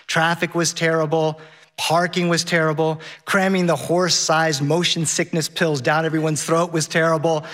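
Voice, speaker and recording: A man telling a personal story on stage to a live audience, animated and lively. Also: a little high. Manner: animated, shifts into voices of his child and the captain. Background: audience laughter.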